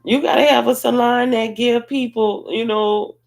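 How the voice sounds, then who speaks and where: A woman's voice: a little high, steady tone, normal speed, creaky, darkish tone. A woman talking casually to her viewers at home, rambling and conversational, addressing them directly as she talks. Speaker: online talk host. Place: at home, having her hair done.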